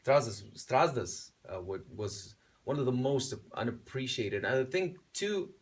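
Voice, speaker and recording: Lithuanian man, non-native English, unhurried and halting, middle pitch; singer being interviewed. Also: big pitch swings. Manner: slow, searching for words, many restarts. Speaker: singer, contest entrant. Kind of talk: casual interview.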